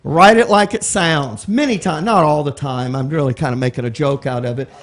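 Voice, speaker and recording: Texan guy with a high voice teaching bible class, chatty, keeps asking the room stuff. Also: a little fast. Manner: conversational, explains word by word, asks the room questions.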